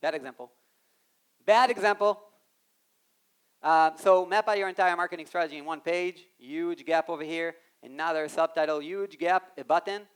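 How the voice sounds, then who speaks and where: A man giving an animated live talk on a conference stage, speaking straight to the audience and acting out quoted voices. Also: fairly high pitch, moderate pace, smooth. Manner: animated, addresses the audience directly.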